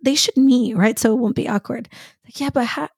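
A woman co-hosting a podcast in casual chat, an animated storyteller who acts out the people she quotes. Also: fairly high pitch, a little fast, vocal fry, breathy edge, dry recording, clean studio sound. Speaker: podcast co-host.

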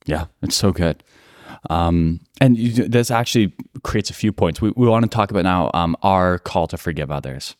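Earnest young-sounding man, very deep voice. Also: normal speed, dry recording, clean studio sound. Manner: earnest, repeats "like" and "right?". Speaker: podcast co-host. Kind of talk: casual faith discussion.

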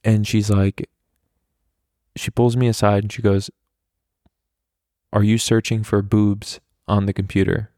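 A man's voice: fairly low pitch, little pitch movement, a little slow, pauses often, darkish tone, dry recording, studio quality. An American man hosting a podcast, telling candid personal stories in a rambling, casual way, full of "like" fillers and swearing. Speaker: podcast host. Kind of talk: casual storytelling monologue.

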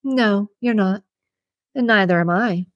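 A woman's voice: mid-range voice, a little slow, no room sound, muffled recording, natural voice. Cooing seductive killer, read by a woman. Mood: teasing. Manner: teasing, cooing.

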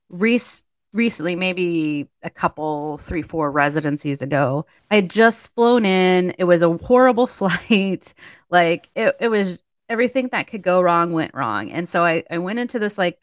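A woman's voice: fairly low pitch, expressive, normal speed, dry recording. A woman co-hosting a casual chat, a chatty storyteller who laughs often. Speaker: podcast co-host.

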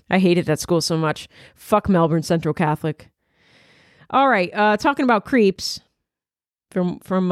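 A woman's voice: lowish voice, dry recording, clean studio sound. A woman comedian hosting her podcast, rambling through a crude, self-mocking comedic monologue. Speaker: comedian host.

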